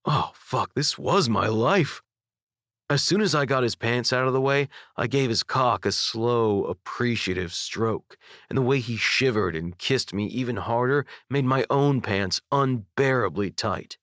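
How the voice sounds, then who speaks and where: A young man narrating a first-person audiobook with intimate, expressive storytelling. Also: medium pitch, normal speed, no echo, studio quality. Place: dry recording booth. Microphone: studio microphone.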